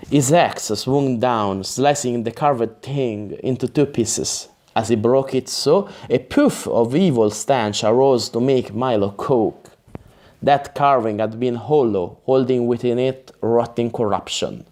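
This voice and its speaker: A man reading a fantasy novel aloud as an audiobook narrator, careful and measured, sometimes restarting a word. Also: mid-range voice, darkish tone.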